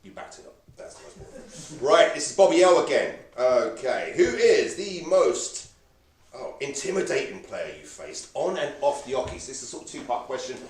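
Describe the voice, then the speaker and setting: A man hosts a live event, reading out questions and teasing the guests. His voice sits at a middle pitch. He is heard from a distance in an echoey room, with faint noise behind him. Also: sing-song, normal speed. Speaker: host.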